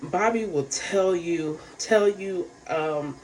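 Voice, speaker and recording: A woman's voice: on the low side, slow pace, darkish tone, slight background noise. Rambling woman recapping a reality show. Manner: rambling, filler-heavy, frank and profane. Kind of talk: casual recap chat.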